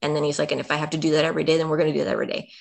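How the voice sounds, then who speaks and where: A woman with a low, gravelly voice shares a personal story as a podcast guest. She talks earnestly and emotionally, and "like" runs all through her speech. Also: completely flat delivery, racing. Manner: emotional, earnest, heavy on "like" fillers.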